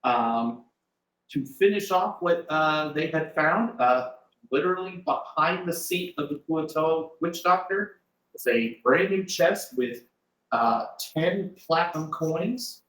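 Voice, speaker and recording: Rambling game master in a roomy room. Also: male voice, fairly high pitch, animated, takes it slowly, fairly bright tone. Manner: rambling, loose delivery with frequent hesitations and chuckles. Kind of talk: casual recap of a tabletop game session. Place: shared room with players at a live-streamed table. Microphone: desk mic with in-ear monitor.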